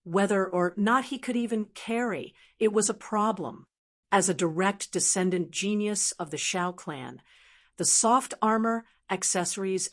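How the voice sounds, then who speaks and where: A woman narrating a fantasy web-novel audiobook in a steady, even reading. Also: medium pitch.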